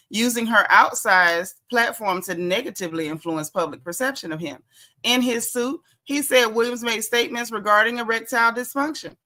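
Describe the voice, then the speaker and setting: A woman's voice: medium pitch, pushed and bright. A woman hosting a casual gossip commentary show, chatty and sassy, laughing and reading blog posts aloud with her own asides. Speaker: host.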